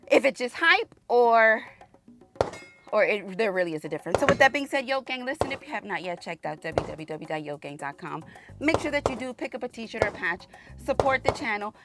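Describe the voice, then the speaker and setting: A woman hosting a casual shooting range vlog outdoors, chatty and exclamatory, slightly out of breath from the humid heat. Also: on the high side. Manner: chatty and exclamatory, calls viewers y'all. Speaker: firearms channel host.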